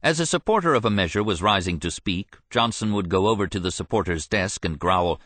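Measured male narrator for nonfiction audiobook, low voice, dry close sound. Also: lively intonation, a bit bright, no room sound. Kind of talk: scripted narration.

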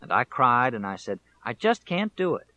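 A man's voice: medium pitch, sing-song, moderate pace, sharp tone, pitched above the performer's own voice. A man reading the remembered words of an elderly small-town woman in an audiobook, earnest and reminiscing.

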